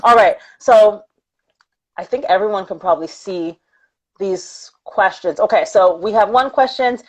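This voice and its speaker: A woman's voice: mid-range voice, measured pace, lo-fi sound. Effusive woman hosting a live interview. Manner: effusive, reads viewer comments aloud. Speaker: interview host.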